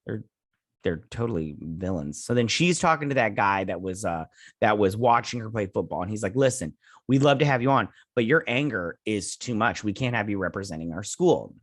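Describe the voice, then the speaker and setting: A man hosting a show, chatting casually as he recaps and reviews a TV episode and slips into quick voices for the characters. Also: lowish voice, lively intonation, no echo, studio quality. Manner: retells scenes with quick offhand impressions; chatty with frequent fillers. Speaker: show host.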